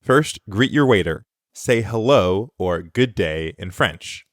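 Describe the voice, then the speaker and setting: Lower-voiced man teaching in a dry studio. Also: lively intonation, takes it slowly, no echo. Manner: clear, instructive, encouraging. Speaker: co-host of audio lessons. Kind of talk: scripted lesson narration.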